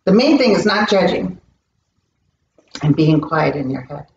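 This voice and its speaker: A woman speaking as a psychic medium guest in an interview, telling stories in an earnest, animated way. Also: low-pitched, measured pace, creaky, a little hiss or hum. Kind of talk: interview conversation. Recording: roomy, distant, dull recording.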